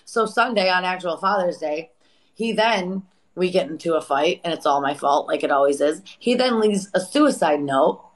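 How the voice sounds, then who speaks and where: A woman's voice: lowish voice, animated, moderate pace, low-quality recording. Profane woman in her forties, storytelling. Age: 40s. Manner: raw, profane, rising to loud re-enacted outbursts. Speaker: guest on a live chat. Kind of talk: emotional personal storytelling.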